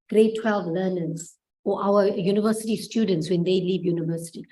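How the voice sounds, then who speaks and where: A woman's voice: medium pitch, steady tone, moderate pace, warm tone, low-quality recording. A South African woman giving a conference presentation as a provincial coordinator, earnest, asking the audience rhetorical questions.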